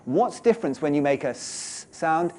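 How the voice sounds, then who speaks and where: A man's voice: medium pitch, very animated, fairly quick, mellow. A British man giving a workshop lecture to teachers, explaining and leading the audience through exercises. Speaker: teacher trainer.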